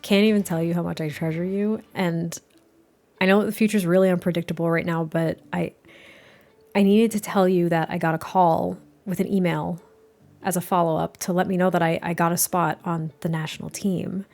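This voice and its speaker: A woman voicing a nervous, tender young male athlete, speaking softly and hesitantly to his girlfriend. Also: lowish voice, fairly even intonation, moderate pace, soft background music, pitched below the performer's own voice, lightly acted. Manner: soft, hesitant, earnest.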